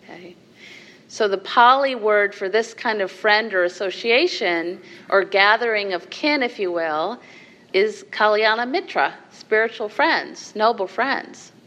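A woman teaching as a meditation leader, giving a dharma talk to a group in a measured way, with soft laughs and asides of "right?". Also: medium pitch, lively intonation, muffled recording.

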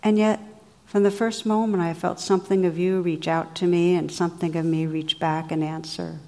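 A woman's voice: lowish voice, little pitch movement, normal speed, mellow, in a large hall, close to an everyday voice. A woman voicing an earnest young male knight who speaks fervently in formal old-style speech, in a storybook reading. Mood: devoted.

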